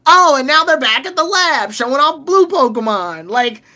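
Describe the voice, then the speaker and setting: Animated, foul-mouthed woman podcaster. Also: high-pitched, moderate pace. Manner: animated, profane storytelling. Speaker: podcast co-host. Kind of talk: casual podcast chat.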